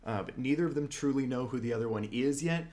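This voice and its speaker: A man co-hosting a podcast and chatting casually. He tells stories with a lot of energy and slips into the voices of the people in each scene as he retells it. His voice sits at an ordinary mid pitch for a man. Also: fast talker. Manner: animated storyteller acting out scenes. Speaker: podcast co-host.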